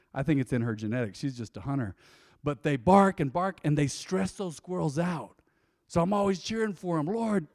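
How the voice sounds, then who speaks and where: Male pastor preaching in a church, lively storyteller, voice on the higher side, long hall echo. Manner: animated storyteller, acts out scenes. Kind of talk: sermon with personal anecdotes. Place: church sanctuary.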